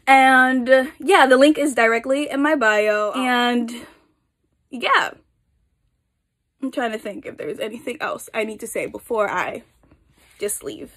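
A woman's voice: a little high, a bit bright. A young woman author chatting casually to her viewers, upbeat and a little out of breath while in a rush. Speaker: author and channel host. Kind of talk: casual chat to camera.

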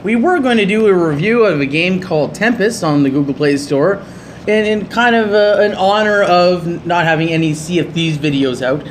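Young male gaming host, high animated voice, jokey, over faint hiss. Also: moderate pace. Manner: joking, playfully reads game lines aloud. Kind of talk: casual gameplay commentary.

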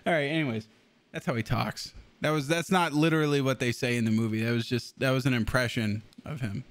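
A man talking to his viewers while he plays a game. He chats loosely at a middle pitch, swears freely and laughs often between lines. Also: steady tone, a little fast, dry recording. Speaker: game streamer. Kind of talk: casual live-stream chat.

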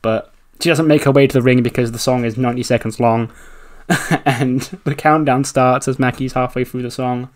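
A man's voice: medium pitch, steady tone, moderate pace. A man casually narrating a wrestling simulation playthrough, chatty and loose, laughing and swearing as he goes.

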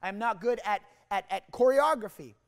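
A young man from Canada speaks at a sales rally with a high voice. He tells his story with energy and rambling restarts, acting out the voices of the people in it. Long reverb from the hall trails after his words. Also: expressive, fairly quick. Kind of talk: motivational storytelling talk.

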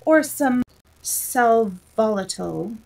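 A woman's voice: fairly high pitch, animated, slow, gravelly, darkish tone, distant mic, heavily acted, low-quality recording. A woman voicing a polite, curious young girl in a storybook read-aloud. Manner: polite and questioning.

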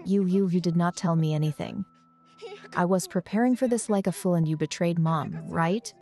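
A woman's voice: fairly low pitch, moderate pace, warm tone, natural voice. A woman dubbing a grown daughter, emphatic. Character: young adult daughter, heartfelt then furious. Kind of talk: dubbed drama voice-over.

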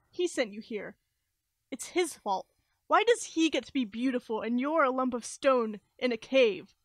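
A woman's voice: on the high side, no room sound, lightly acted. A woman actor playing a taunting woman's voice that accuses a silenced nymph, in an experimental theater monologue. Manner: accusing, rising to intense repetition. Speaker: stage actor.

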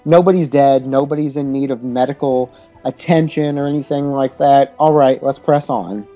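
A woman's voice: a bass voice, moderate pace, mellow, muffled recording, faint music behind. A woman co-hosting a casual movie-review podcast, frank, opinionated and swearing freely. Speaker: podcast co-host.

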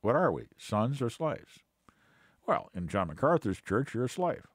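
A man's voice: mid-range voice, sing-song, measured pace, husky, no echo. A man giving an unscripted Bible teaching, hesitant with many fillers and restarts, then pressing points with scornful emphasis.

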